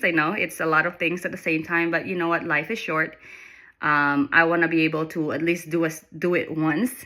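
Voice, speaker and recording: A woman's voice: on the low side, bright, forceful tone. A nurse talking to her viewers in a casual life-update vlog, earnest and heartfelt, with lots of fillers. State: emotional near the end. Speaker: nurse and vlogger.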